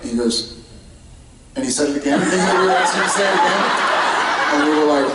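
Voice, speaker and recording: A man's voice: fairly high pitch, quick pace, pauses often, over a noisy crowd. A man on a convention panel telling a story about his son, laughing and quoting the conversation. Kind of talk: anecdote told on stage. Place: large convention hall. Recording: echoey hall, mic heard from far off, loud noise.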